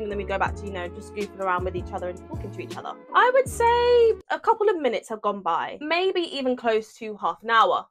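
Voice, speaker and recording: A young woman in her early twenties with a British accent, telling a dramatic personal story to camera in a slangy, animated way from her room at home. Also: fairly high pitch. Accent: British English. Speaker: vlogger. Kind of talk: casual storytime.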